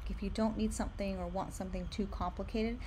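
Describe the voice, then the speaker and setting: A young woman narrates a screen-share tutorial in a casual, upbeat way, often recommending what she likes. Her voice sits in a middle pitch. A faint hum of noise runs underneath. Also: fairly even intonation, fast, warm tone. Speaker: candle brand owner.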